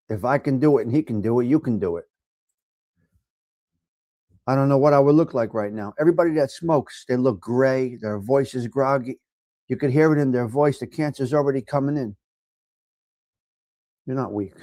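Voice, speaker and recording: A middle-aged man with a New York accent hosting a casual live chat, giving blunt, profane tough love to viewers and swinging from low mutters to loud outbursts. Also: lively intonation, normal speed, pauses often, no room sound, studio quality. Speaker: livestream host reading chat.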